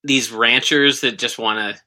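A man's voice: medium pitch, fairly even intonation, measured pace, bright, forceful tone. A man co-hosting a comedy podcast, reading out news items in casual banter with a dry, sarcastic delivery.

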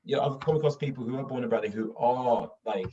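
A man from Sweden chatting casually in an animated way, often repeating himself and laughing through his stories. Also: medium pitch, brisk, a little hiss or hum. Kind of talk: casual conversation. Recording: distant, dull lo-fi mic.

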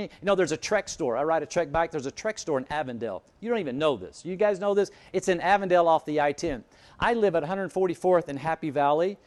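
Middle-aged guy preaching, bit higher voice, chatty and jokey with the crowd. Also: fast talker. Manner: anecdotal, animated, jokes with the congregation. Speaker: pastor. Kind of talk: sermon.

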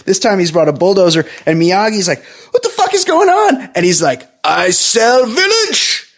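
A man co-hosting a podcast, recapping a film in a rambling, profane, joking way and slipping into quick mock voices. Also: on the high side. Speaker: podcast co-host. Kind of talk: comedic movie recap.

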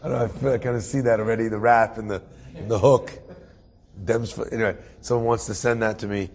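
A man's voice: lowish voice, fairly even intonation, quick pace, a little mellow, slight background noise. A man from the New Jersey area telling an inspirational personal story, full of humorous, self-mocking asides.

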